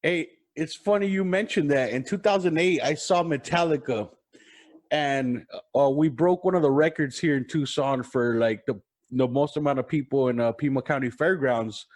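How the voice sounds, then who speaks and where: A man's voice: a little high, normal speed, a little mellow. A man hosting a podcast, telling loose stories in casual chat and swearing freely. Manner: loose storytelling, swears freely, acts out crowd voices. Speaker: podcast host.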